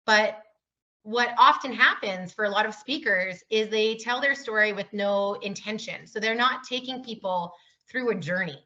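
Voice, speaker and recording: Bright, upbeat woman keynote speaker. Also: medium pitch, normal speed, highs cut off. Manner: upbeat and enthusiastic. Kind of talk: casual interview chat.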